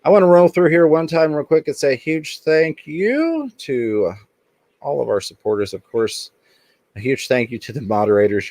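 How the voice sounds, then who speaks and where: A man's voice: fairly low pitch, a little mellow, no room sound. A man hosting a casual livestream in an upbeat way, reading the chat aloud and thanking viewers. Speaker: livestream host.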